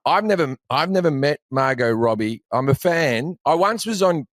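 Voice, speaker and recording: A man's voice: on the high side, lively intonation, normal speed, no room sound, studio quality. An Australian man in his forties, a comedian guest telling road stories in casual chat, swearing freely. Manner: swearing storyteller.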